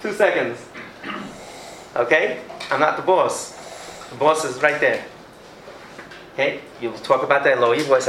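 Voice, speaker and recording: A man's voice: mid-range voice, moderate pace, long pauses, a bit bright, roomy sound, a little hiss or hum, low-quality recording. A man giving a lecture on parenting to an audience, acting out scenes with his children and taking questions. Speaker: educator giving a parenting talk.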